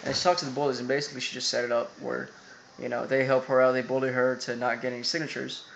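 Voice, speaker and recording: A man's voice: medium pitch, level tone, fast, creaky, a bit bright, a little hiss or hum, poor audio. Rambling young man recapping an episode. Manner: rambling with many fillers and quoted asides. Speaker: anime episode reviewer.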